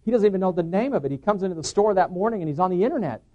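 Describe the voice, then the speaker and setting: A man's voice: high voice, lively intonation, rapid-fire, dull audio. A middle-aged man telling a personal testimony to an audience as an earnest storyteller who acts out the dialogue he quotes. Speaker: preacher giving a personal testimony.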